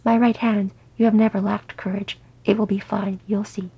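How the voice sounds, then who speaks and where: A proud dwarf king with a dry wit, as a woman reads him, talking low. The tone is mellow and gravelly, very husky. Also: flat delivery, moderate pace. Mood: tender.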